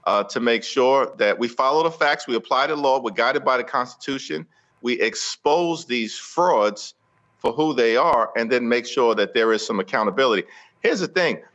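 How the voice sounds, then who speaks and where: A man speaking as a guest politician in an interview, forceful and rhetorical with a speechmaking cadence. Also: medium pitch, lively intonation, normal speed, highs cut off.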